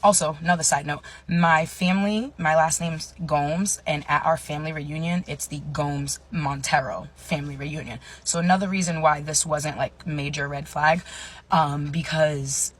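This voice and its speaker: A woman in her thirties telling a personal story in a chatty way, full of fillers and dropping into hushed asides. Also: sits low, steady tone, moderate pace. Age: 30s. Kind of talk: casual storytime monologue.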